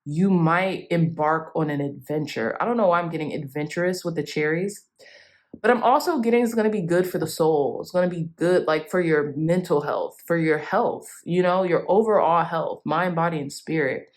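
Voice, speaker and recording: A woman's voice: deep voice, normal speed. Effusive woman giving a tarot reading. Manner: warm, effusive, chatty. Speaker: tarot reader. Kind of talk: casual tarot reading to viewers.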